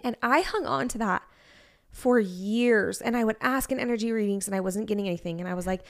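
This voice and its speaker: Fast-talking and a little high-pitched, this podcast co-host in her thirties speaks with lively intonation. Her chat is casual, candid, and personal, and she leans heavily on "like."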